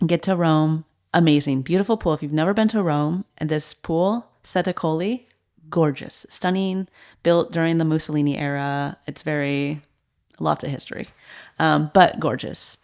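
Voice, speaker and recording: Low-voiced woman telling her story candidly. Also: fairly even intonation, a little slow, darkish tone, clear, resonant tone. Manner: earnest, heavy use of "like" fillers. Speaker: podcast guest, former elite swimmer and coach.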